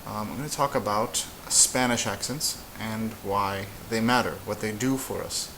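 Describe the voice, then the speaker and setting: A man teaching a casual whiteboard lesson, relaxed and halting, with frequent fillers and restarts. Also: on the low side, noisy background. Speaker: Spanish teacher.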